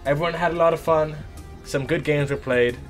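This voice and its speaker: A young male esports caster with a slightly raised pitch, nursing a sore throat. He rambles through a casual story, animated and full of voiced asides, with faint music underneath. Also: a little fast. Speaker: esports shoutcaster. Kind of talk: casual storytelling between matches.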